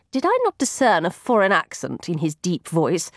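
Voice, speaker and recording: A woman's voice: lowish voice, expressive, normal speed, hardly any pauses, dry recording, studio quality. A woman narrating a first-person story in a prim, wry and arch manner. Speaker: audiobook narrator.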